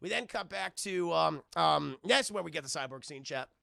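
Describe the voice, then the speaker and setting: Man, film reviewer, profane rambling recap, bright tense tone, dry close sound. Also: on the high side, lively intonation, normal speed, vocal fry, no echo. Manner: profane, rambling, keeps addressing chat. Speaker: film reviewer streaming live. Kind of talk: casual live-stream film recap.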